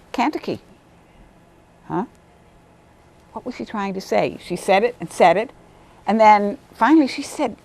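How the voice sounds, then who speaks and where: A woman, a volunteer literacy tutor, telling stories about her students in a lively interview, sometimes acting out what they said. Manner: animated, acts out quotes in a higher voice. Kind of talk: storytelling interview.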